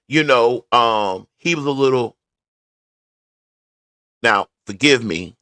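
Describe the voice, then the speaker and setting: A man vlogger casually talks his viewers through his wandering thoughts during a drive to work, set in a garage. His medium-pitched voice comes across pushed and bright. The recording is dry and studio quality.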